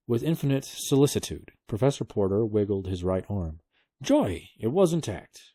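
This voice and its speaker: A man reading a book aloud to his kids, telling the story at a steady pace. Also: fairly low pitch, moderate pace, no echo, clean studio sound.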